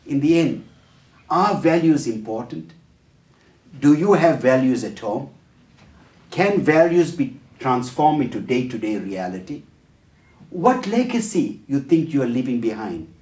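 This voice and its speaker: A male trainer lectures through anecdotes, slipping into changed voices for the characters and pausing on fillers. He sounds set back from the microphone. His voice carries a roomy echo. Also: medium pitch, very animated, darkish tone. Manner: storyteller who acts out the dialogue in changed voices, with frequent fillers. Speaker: educational trainer giving a workshop talk. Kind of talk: lecture told through stories. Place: talk venue, roomy space. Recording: roomy echo, distant mic.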